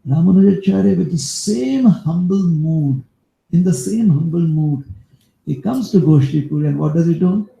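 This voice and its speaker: A male preacher telling a devotional story in a sermon, as an animated storyteller who turns aside to talk to his listeners. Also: a little high, normal speed, vocal fry. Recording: echoey room.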